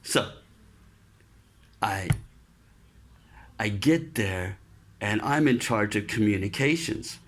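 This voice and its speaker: A man telling a casual story about his Navy days, loose and relaxed, dropping in swear words and "man". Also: on the low side, takes it slowly, pauses often, slight background noise. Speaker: podcast storyteller, Navy veteran.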